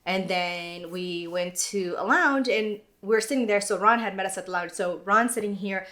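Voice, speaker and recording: A woman's voice: mid-range voice, normal speed, pushed and bright. A woman co-hosting a podcast, telling a personal story in a subdued, earnest casual way. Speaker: podcast co-host.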